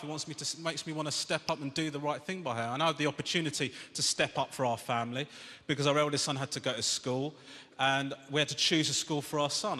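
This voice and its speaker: A man doing a stand-up comedy routine, ranting in exasperation and rising to shouts. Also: fairly high pitch. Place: large theatre stage. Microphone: stage microphone. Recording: echoey theatre, long reverb, audience noise.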